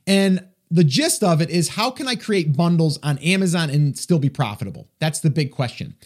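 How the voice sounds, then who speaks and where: An American man with an East Coast accent hosts an advice podcast in a casual, chatty manner. His voice sits high and swings widely in pitch. He pokes fun at himself as he talks. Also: moderate pace. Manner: animated, chatty, self-deprecating. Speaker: podcast host.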